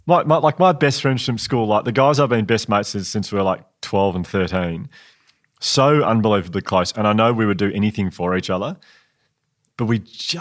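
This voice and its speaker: A man, co-hosting a podcast in an earnest, reflective way. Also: fairly low pitch. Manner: earnest, reflective, laughs often. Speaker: podcast co-host. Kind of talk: casual conversational podcast.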